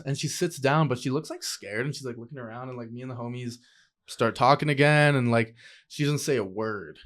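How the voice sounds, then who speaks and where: Slangy, animated young man telling stories. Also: mid-range voice, fairly quick. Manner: profane, slangy, animated, acts out quoted voices. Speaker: podcast guest. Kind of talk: casual conversational storytelling.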